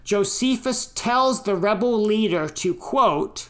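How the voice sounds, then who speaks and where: American woman preacher, mid-pitched, unhurried, deliberate teaching sermon with emphatic quotations. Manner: slow, deliberate teaching delivery with emphatic quotes. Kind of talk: sermon on scripture and history.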